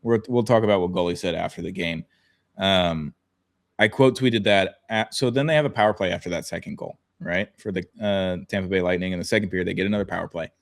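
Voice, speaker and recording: A man's voice: sits low, fast talker. A young man co-hosting a sports podcast, rambling and joking with casual swearing. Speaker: podcast co-host.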